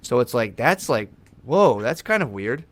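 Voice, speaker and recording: A man's voice: medium pitch, big pitch swings, a little slow. A man talking as a podcast guest in a casual, rambling way, swearing often and calling his host "dude". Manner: rambling, laid-back, swears a lot, says "dude". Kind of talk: casual chat. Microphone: podcast studio microphone.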